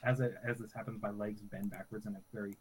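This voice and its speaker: A man's voice: lowish voice, fairly even intonation, fast talker, noisy background. A man playing a tabletop role-playing game, describing his character's actions hesitantly, with many fillers and restarts. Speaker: player.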